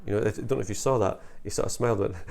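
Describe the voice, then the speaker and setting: Low gravelly guy breaking down a debate clip, lots of you know and restarts. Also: darkish tone. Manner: hesitant, many restarts and fillers. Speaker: commentator analyzing debate clips. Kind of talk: casual spoken commentary.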